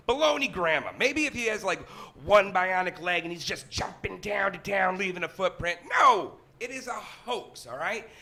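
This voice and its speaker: Bright-voiced man doing stand-up. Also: fairly high pitch. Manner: sarcastic, playful storytelling. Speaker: stand-up comedian. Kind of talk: stand-up comedy set.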